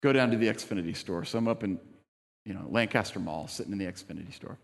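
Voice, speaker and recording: Gravelly preacher in a reverberant hall. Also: male voice, on the low side, fast. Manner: conversational storytelling, animated quoted voices. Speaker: pastor. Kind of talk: sermon with personal story.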